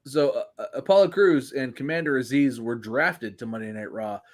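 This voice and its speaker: Joking, rambling wrestling podcast host. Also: male voice, mid-range voice, moderate pace. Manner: joking, rambling, swears freely. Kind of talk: casual wrestling podcast banter.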